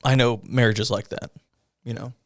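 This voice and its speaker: A middle-aged man, a police officer guest, recounting a personal story in a halting way, with many pauses, fillers and rueful laughs. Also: medium pitch, steady tone, no room sound, clean studio sound. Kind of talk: conversational storytelling in a podcast interview.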